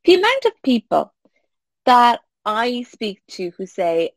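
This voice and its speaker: A woman's voice: a little high, slow pace, dry recording. A woman, talking casually to listeners as a business coach and acting out little quoted exchanges. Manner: animated, acts out little quoted exchanges with laughs.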